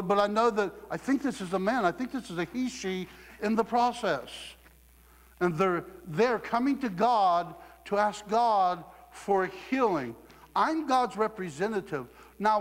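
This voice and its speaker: A middle-aged man from Southeast Ohio preaching a sermon, telling stories with lively acted quotes and laughter. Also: sits high, a little slow, in a large hall.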